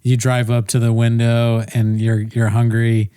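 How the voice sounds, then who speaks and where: A man's voice: mid-range voice, monotone, measured pace, mellow, clear, resonant tone, no echo, clean studio sound. A man co-hosting a comedy podcast, ranting in casual profane chat with frequent restarts. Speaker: podcast co-host.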